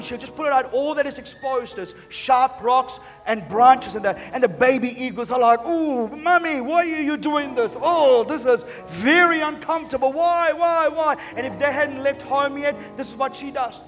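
Male pastor, high voice, energetic sermon delivery, echoey hall. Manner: emphatic, joking, repeats words. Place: church. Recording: long church reverb, faint music.

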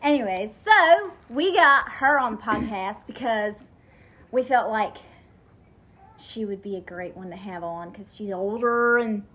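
A woman co-hosting a casual podcast, reacting wryly and quickly to what the others say. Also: a little high, lively intonation, fairly bright tone. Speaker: podcast co-host. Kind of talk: casual chat.

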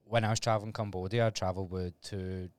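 Glaswegian man, young, low-pitched, chatty sweary storyteller, dry studio sound. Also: fast talker, clear, resonant tone, no echo. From Scotland. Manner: animated storyteller, swears freely, laughs often. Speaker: podcast guest. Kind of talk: casual chat.

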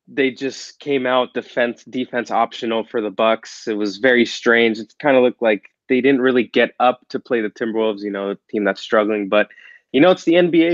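A man co-hosting a sports podcast in a relaxed, casual way, often saying "you know.". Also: lowish voice, dry recording, dull audio. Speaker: podcast co-host.

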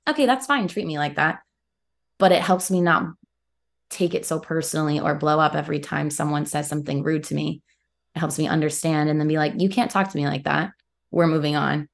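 A woman's voice: deep voice, vocal fry. A young woman, an actor and guest, talking earnestly in a casual podcast interview. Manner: earnest, quick bursts with laughs.

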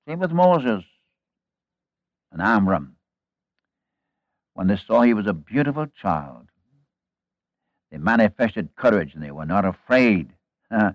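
A man's voice: on the low side, dry recording, poor audio. A man preaching a sermon, retelling a Bible story in an earnest, folksy way with rhetorical questions and asides to the congregation.

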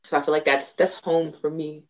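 Chatty young woman, low voice. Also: level tone, fairly quick. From Washington DC area. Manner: chatty, filler-heavy, laughs often. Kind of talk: casual chat.

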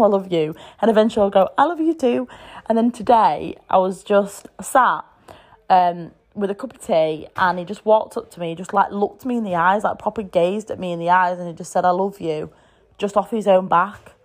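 This podcast host is a British English-accented woman in her thirties with a mid-range voice. Recording solo from home, she's casual, chatty and frank, and swears freely.

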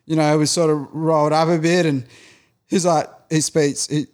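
A man's voice: fairly high pitch, little pitch movement, normal speed, darkish tone. A man telling a long story in casual chat, rambling and peppering his talk with fillers. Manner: rambling, heavy use of filler "like".

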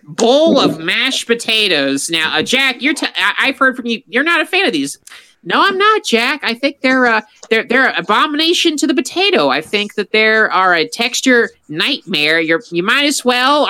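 A man hosting a casual chat among friends, theatrical and quick to exaggerated put-downs. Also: very high-pitched, bright, forceful tone. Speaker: host of a food ranking chat.

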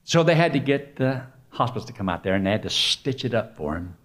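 A male preacher giving a sermon, telling stories with big swings from quiet to loud exclamations. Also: medium pitch, a little fast. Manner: animated storytelling, swings from soft to exclamations.

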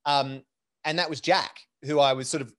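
A man's voice: a little high, fairly even intonation, normal speed, fairly bright tone. A man, a podcast guest, rambling through memories in a self-deprecating, chatty way. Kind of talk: casual podcast chat.

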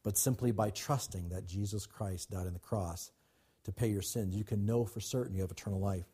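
A man's voice: lowish voice, brisk, warm tone, husky. A man preaching a sermon as pastor, emphatic and repetitive, calling on the congregation to respond.

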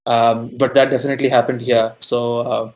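A man's voice: medium pitch, flat delivery, moderate pace, rough recording. Indian man, casual interview guest. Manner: thoughtful, with frequent fillers and self-corrections. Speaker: podcast guest. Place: lives in France.

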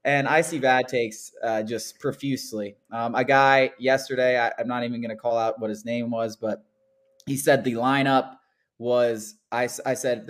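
A young man co-hosts a casual sports podcast, his medium-pitched voice moving at normal speed. He rants animatedly, leaning constantly on "like" and "dude."

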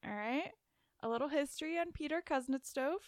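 Casual woman podcast co-host, higher pitch, giggly storyteller, dry close sound. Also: a little fast, no room sound. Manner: giggly, chatty, stumbles over names.

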